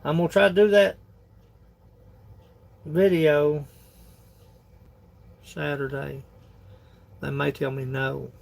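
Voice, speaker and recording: A man's voice: a little high, level tone, takes it slowly, gravelly, pauses often. A man, chatting casually on a phone livestream in a rambling, folksy way, laughing often. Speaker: livestream host.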